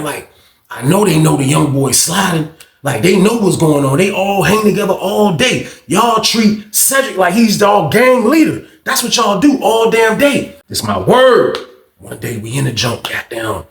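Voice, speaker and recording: A man hosting his channel, telling a storytime tale in an animated, profane street style. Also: a little high, normal speed. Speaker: channel host. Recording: echoey room.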